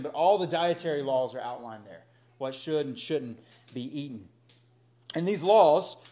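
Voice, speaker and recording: A middle-aged man preaching a sermon in a conversational, animated way with folksy asides. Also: on the high side. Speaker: pastor.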